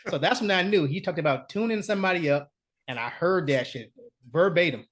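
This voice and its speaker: Animated, salty-mouthed male podcast storyteller. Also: on the high side, normal speed. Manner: animated, profane, laughs often. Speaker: podcast co-host. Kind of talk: casual storytelling chat.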